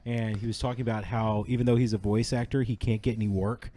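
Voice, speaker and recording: A man's voice: lowish voice, flat delivery, quick pace, warm tone. A man co-hosting a casual gaming podcast, telling a joking story with fillers. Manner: joking, anecdotal. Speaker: podcast co-host.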